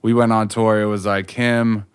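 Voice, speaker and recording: A man, a DJ guest, telling animated stories in casual, filler-heavy talk with plenty of swearing. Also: lowish voice, moderate pace, clear, resonant tone. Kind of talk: casual storytelling interview.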